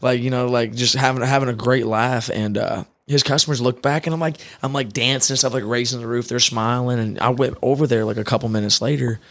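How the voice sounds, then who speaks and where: A man's voice: medium pitch, steady tone, fairly quick, hardly any pauses, a bit bright, no echo. A man co-hosting a podcast, talking in hyped, slangy banter. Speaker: podcast co-host. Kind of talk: casual podcast chat.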